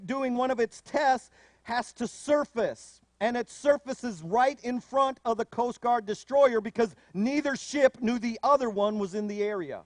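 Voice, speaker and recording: High-voiced man preaching a sermon. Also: no room sound, clean studio sound. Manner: storytelling, animated asides. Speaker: pastor.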